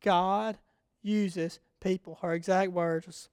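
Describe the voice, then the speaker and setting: A man preaching a sermon, chatting casually with the congregation and building to loud, rousing repetition. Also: sits high, fairly even intonation, slow pace, clear, resonant tone, dry recording. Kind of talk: sermon with personal storytelling.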